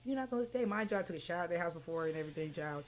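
A woman's voice: fairly low pitch, lively intonation, very fast, slight background noise. A woman co-hosting a casual podcast, telling a wild story with lots of profanity and acted-out quotes. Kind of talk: casual chat.

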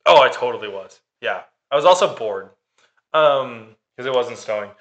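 A man's voice: medium pitch, animated, a little slow, a bit bright. A man telling a dating story in casual chat, sarcastic and swearing freely. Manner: sarcastic, profane.

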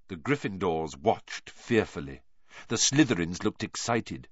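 A man narrating an audiobook in a lively, expressive reading style. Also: sits low, unhurried, slightly rough, no room sound, lo-fi sound.

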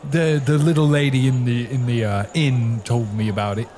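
A man in a casual tabletop game, playing an orc with a bumbling, rambling delivery. His voice is of middling pitch for a man. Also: fairly even intonation, moderate pace, a little mellow, a little hiss or hum. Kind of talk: casual tabletop role-play.

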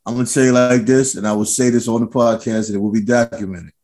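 A man co-hosting a podcast in casual chat, talking emphatically and swinging from low murmurs to loud, excited bursts. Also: quick pace. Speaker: podcast co-host.

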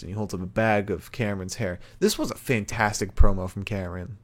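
A man with a fairly low voice hosts a podcast in casual chat. He recaps the show in a loose, rambling way, with fillers and swearing. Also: fairly quick, few pauses. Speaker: podcast host recapping wrestling.

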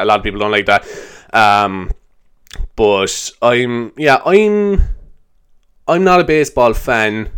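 A man's voice: lowish voice, a bit bright, smooth. A young man hosting a solo podcast, rambling loosely, swearing and laughing as he talks. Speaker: podcast host. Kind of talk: solo improvised podcast chat.

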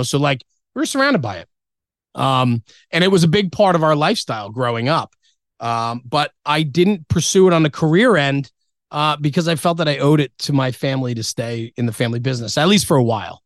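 A man's voice: mid-range voice, fairly quick, no echo. A middle-aged man, a firefighter guest on a podcast, telling his story in a candid, blunt way with mild swearing and many fillers. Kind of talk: casual interview storytelling.

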